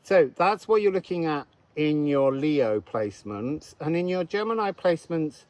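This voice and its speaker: A man with a slightly higher-than-usual voice gives a loose, spoken astrology reading. He meanders and thinks aloud, in a chatty, unhurried way. He is recorded outdoors. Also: lively intonation, a little mellow, no echo, low-quality recording. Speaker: astrologer and card reader.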